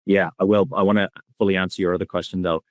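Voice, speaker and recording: A man speaking as a podcast guest, talking in a soft, reflective and candid way in a relaxed conversation. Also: deep voice, fast talker, no echo.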